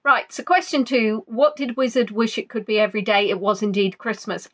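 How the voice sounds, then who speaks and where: A woman's voice: a little high, fairly even intonation, fairly quick, few pauses, a bit bright. A woman hosting a casual quiz stream, chatty and playful as she reads out viewers' answers. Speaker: quiz host.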